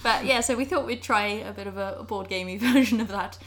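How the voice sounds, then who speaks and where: A woman's voice: medium pitch, fairly quick, crowd noise. A woman co-hosting a casual chat, giggling often and poking fun at herself. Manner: giggly, self-deprecating. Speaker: podcast co-host guessing.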